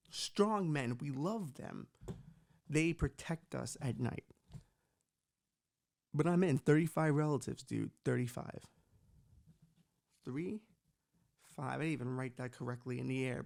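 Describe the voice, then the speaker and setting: A man's voice: fairly high pitch, gravelly, a little mellow. A young man from Bushwick, hosting a podcast and riffing through a profane, rambling comic rant. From Puerto Rican from Bushwick, New York. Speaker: podcast host.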